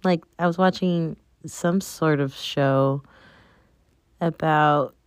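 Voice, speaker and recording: A woman's voice: deep voice, steady tone, takes it slowly, no echo, clean studio sound. A woman hosting her own show, chatting casually and rambling with plenty of fillers. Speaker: podcast host. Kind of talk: casual solo chat.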